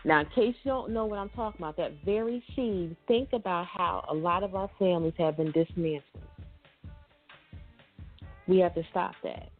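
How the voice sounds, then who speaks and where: A woman's voice: lowish voice, moderate pace. A woman co-hosting a radio talk show, preaching emphatically and repeating her points. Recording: tinny phone-like radio audio with faint music.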